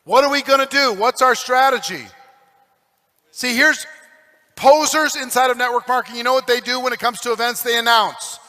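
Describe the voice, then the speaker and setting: High, bright-voiced man preaching emphatically. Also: normal speed. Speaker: motivational speaker. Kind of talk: stage talk to a live audience. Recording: echoey hall recording.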